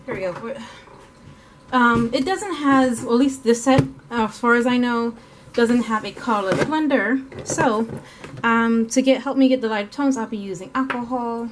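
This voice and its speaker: An art vlogger, this woman has a slightly high voice and speaks at normal speed, with background noise behind her. Her talk is casual and rambling, full of fillers and self-corrections, and at times she's eating while she speaks.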